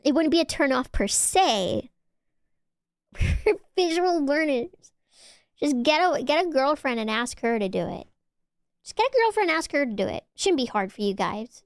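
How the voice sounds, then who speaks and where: A woman's voice: sits high, big pitch swings, normal speed, dry recording, studio quality. A young woman streaming, chatting casually with her viewers in a giggly, teasing, rambling way.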